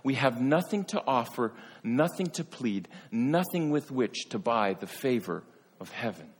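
A man preaching a sermon in an earnest way, rising to emphatic peaks and then dropping soft. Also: mid-range voice, lively intonation, measured pace, breathy edge, big-room sound. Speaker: pastor.

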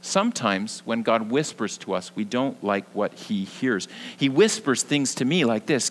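A young man preaching a sermon as pastor, earnest, moving between lively emphasis and hushed, soft passages. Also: medium pitch, unhurried, hardly any pauses, a little hiss or hum, rough recording.

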